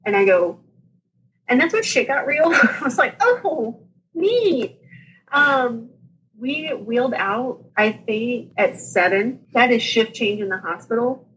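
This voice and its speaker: A woman in her thirties, a guest on a talk show, telling her story in a casual, animated way, laughing often and acting out what people said. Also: on the high side, unhurried, slight background noise, low-quality recording. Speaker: podcast guest sharing her birth story.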